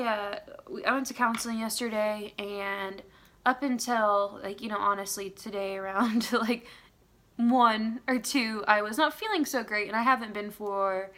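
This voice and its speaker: Rambling young woman vlogger, higher voice. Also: fairly bright tone. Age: 20s. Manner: rambling, full of "um" and "like"; candid, self-critical. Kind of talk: casual confessional vlog.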